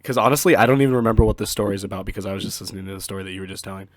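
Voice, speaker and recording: A man hosting a podcast in casual chat, halting and trailing off softly as he thinks. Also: low-pitched, no echo, clean studio sound. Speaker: podcast host.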